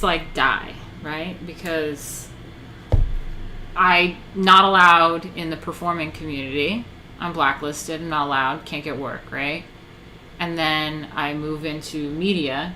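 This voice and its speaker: A woman's voice: low voice, pushed and bright, a little hiss or hum. A woman in her thirties chatting casually on a live stream, rambling, swearing and answering chat. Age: 30s.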